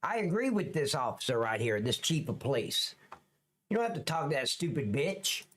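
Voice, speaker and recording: A man's voice: fairly high pitch, very animated, normal speed, noisy background. A man ranting profanely and scornfully as a live-stream commentator, reacting to police clips.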